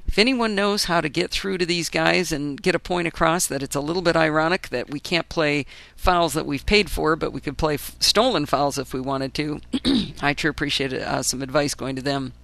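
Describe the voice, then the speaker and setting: A hoarse woman talks through a casual solo podcast, chatty and keen, with dry, wry asides. Her voice is gravelly with fry, yet bright and forceful in tone. Her delivery stays enthusiastic and rambling. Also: sits low, fairly quick, no echo. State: hoarse, lingering after flu. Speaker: podcast host.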